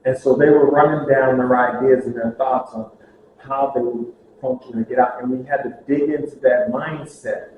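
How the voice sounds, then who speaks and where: A man telling lively stories about prison ministry to a group, acting out the voices of the people in them. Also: mid-range voice, moderate pace, phone-quality sound. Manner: animated, acts out dialogue, laughs at own stories. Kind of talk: storytelling talk to a group. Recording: very echoey room with faint hiss.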